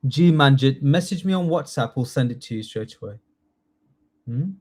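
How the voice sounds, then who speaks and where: This citizenship test tutor, a British man in his thirties, hosts a live online quiz lesson with an animated, mid-range, darkish voice at a moderate pace. He's chatty and jokey, reading out multiple-choice answer options and praising students by name.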